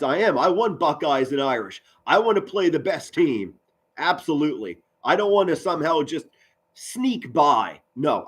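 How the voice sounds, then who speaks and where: A man, doing loud live football play-by-play and chatting with viewers. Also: on the high side, husky. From Pennsylvania, US. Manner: loud, excitable, swings from mutters to shouts. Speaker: sports commentary streamer.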